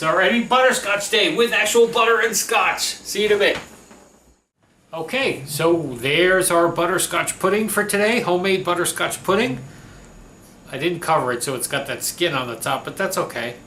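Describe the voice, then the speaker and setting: A man's voice: fairly high pitch, pushed and bright, a little hiss or hum. Chatty man hosting a cooking vlog. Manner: chatty, upbeat, laughs often. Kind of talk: casual cooking demonstration. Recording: echoey room with faint ambience.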